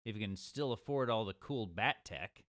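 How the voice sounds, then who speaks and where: A man co-hosting a comedic podcast, reading listener comments aloud in a sardonic, deadpan way. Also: lowish voice, normal speed, no echo, studio quality. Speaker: podcast co-host.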